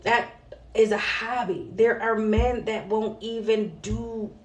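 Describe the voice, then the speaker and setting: Blunt, foul-mouthed woman vlogger, high voice. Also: fairly even intonation, takes it slowly. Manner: blunt and heavily profane; emphatic, with preachy asides to viewers. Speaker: vlog host. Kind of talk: unscripted monologue to camera. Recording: roomy echo.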